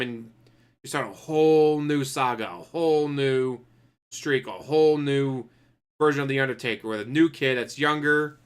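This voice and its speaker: A man streaming, ranting in a loose, profane way with a bright, forward tone. He breaks off to act out what people might say in put-on voices, his pitch sitting in an ordinary middle range. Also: smooth. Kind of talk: casual ranting commentary.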